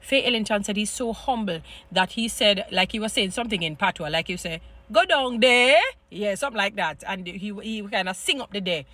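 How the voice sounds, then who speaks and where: A woman's voice: medium pitch, fairly quick, few pauses, sharp tone. Rambling Jamaican woman talking to viewers. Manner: rambling, emphatic, heaps praise, restarts and fillers. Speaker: vlogger. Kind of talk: casual monologue to viewers.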